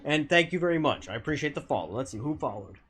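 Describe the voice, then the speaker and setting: A blunt, profane man who argues with a lively pitch. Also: quick pace. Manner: argumentative, blunt and profane, with frequent restarts. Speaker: game streamer. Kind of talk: casual live-stream chat reading viewer comments.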